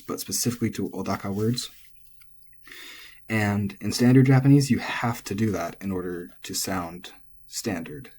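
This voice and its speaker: A man who is not a native speaker, teaching pitch accent in an informal way, thinking aloud with asides and restarts. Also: dark tone, husky. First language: English. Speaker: language teacher. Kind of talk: explaining Japanese pitch accent.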